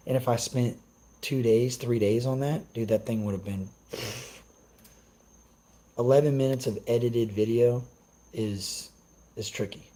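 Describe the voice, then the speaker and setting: A man's voice: mid-range voice, steady tone, a little slow, long pauses, mellow, rough recording. A young man on a casual live stream, ranting brashly and cursing as he answers his chat. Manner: profane, brash, trash-talking.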